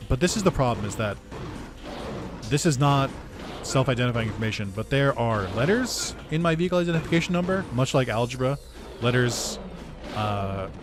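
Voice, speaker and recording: A man casually telling a long, sarcastic story while playing a video game, swearing often and laughing between lines. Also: medium pitch. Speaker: gaming YouTuber. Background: game music.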